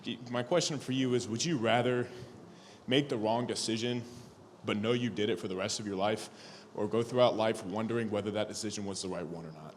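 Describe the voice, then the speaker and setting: A man's voice: lowish voice, brisk, slight background noise. A young man, a student cadet, asks a speaker a formal, polite question from the audience with some hesitation. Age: young adult. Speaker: audience member asking a question. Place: conference hall audience. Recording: hall reverb with faint ambience.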